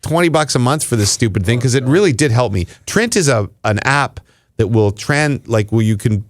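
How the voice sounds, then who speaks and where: A man's voice: mid-range voice, lively intonation, normal speed, no room sound. A man co-hosting a casual podcast, rambling and poking fun at himself. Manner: rambling, self-mocking, jokey. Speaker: podcast co-host. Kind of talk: casual chat.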